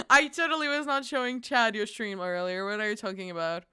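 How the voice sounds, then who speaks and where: A woman's voice: fairly high pitch, a little fast, hardly any pauses, bright, forceful tone, clear, resonant tone, no room sound, clean studio sound. A young woman streamer chatting casually with her viewers, giggly and bubbly, with squealing greetings and playful cursing. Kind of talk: casual livestream chat with viewers.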